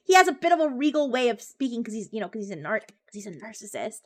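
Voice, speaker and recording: A high-pitched woman talks to her viewers during a live stream. Her chat is bubbly and rambling, with giggles and restarts. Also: very animated, fast, few pauses.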